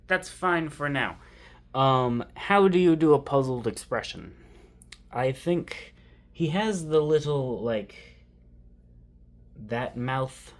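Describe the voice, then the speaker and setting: A man's voice: mid-range voice, expressive, slow, long pauses. A man giving casual, rambling commentary while he draws, thinking aloud to himself and poking fun at himself. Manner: casual and self-mocking. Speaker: artist drawing on camera.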